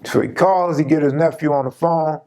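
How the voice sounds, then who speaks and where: A man's voice: on the high side, fairly even intonation, normal speed, darkish tone. A man hosting his channel, casually telling a personal story in an emphatic, slang-heavy way.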